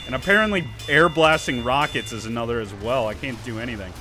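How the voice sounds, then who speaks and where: Talking fast over music, a young YouTuber with a medium-pitched voice casually covers his own gameplay. He's playful, cracks jokey asides, and speaks directly to enemy players.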